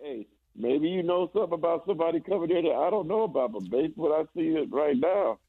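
A man's voice: fairly high pitch, quick pace, slightly rough, no room sound. A man, a former basketball player, chatting casually and telling stories with stammering restarts. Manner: relaxed storytelling, stammering restarts. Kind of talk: casual chat. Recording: tinny phone-like line.

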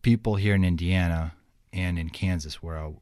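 Speaking as an interview guest, this young adult from Ukraine has a low voice, a Ukrainian accent, and a normal speaking speed. He's lively, impersonates the people he quotes, and laughs a lot, in a dry, clean studio recording.

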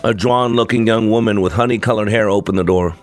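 Man, reflective story reading, low voice, soft music underneath. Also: a little fast. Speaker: narrator. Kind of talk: first-person story reading.

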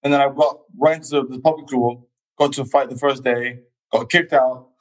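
A man's voice: medium pitch, normal speed, poor audio. A man from England, in his thirties, telling his life story in a casual chat and acting out quoted voices. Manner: animated, acts out quoted voices. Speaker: guest athlete.

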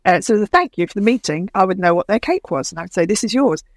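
A middle-aged woman TV producer telling stories in an interview, animated and laughing as she acts out what others said. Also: medium pitch, very fast, dry recording. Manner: animated anecdotes with laughter and acted-out quotes. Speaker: TV producer guest. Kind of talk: podcast interview storytelling.

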